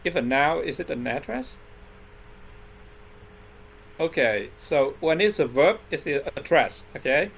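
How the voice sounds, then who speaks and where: A man's voice: on the high side, animated, moderate pace, hardly any pauses, a bit bright, a little hiss or hum. A man teaching an English lesson on word stress, patiently checking in with his class after each point. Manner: patient, constantly checks in with "right?" and "okay?".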